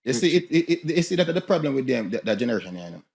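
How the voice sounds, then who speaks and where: A man's voice: mid-range voice, big pitch swings, very fast, gravelly, darkish tone. A man, talking emphatically in a heated casual discussion, using patois phrasing.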